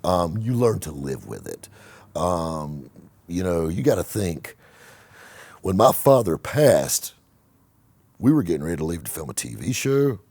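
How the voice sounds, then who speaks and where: A deep, husky man talks straight to the camera with blunt, salty motivational advice. His pitch swings widely as he talks, and his tone stays dark and mellow. The sound is dry and close, with little room around it. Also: unhurried, pauses often, no room sound. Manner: blunt and animated, swears freely, talks in restarts and fillers. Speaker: car vlogger and host.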